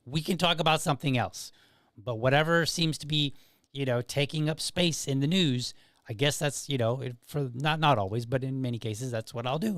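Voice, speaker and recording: A man's voice: medium pitch, no echo. Male podcast host, casual political commentary, emphatic, rambling, dry close sound. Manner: animated, rambling, emphatic with many restarts.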